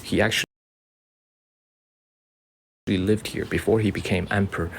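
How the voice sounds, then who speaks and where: A man's voice: deep voice, fairly even intonation, measured pace. An American man hosting a casual live-stream tour through an outdoor garden. He is chatty, repeats himself, and calls his viewers y'all. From United States. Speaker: livestream host and tour guide. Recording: noisy outdoor ambience.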